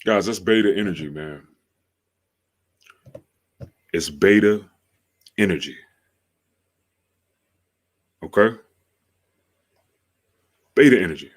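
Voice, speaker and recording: Deep-voiced slangy male podcast host. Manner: slangy, drawn-out, repeats phrases for emphasis. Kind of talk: casual livestream podcast talk.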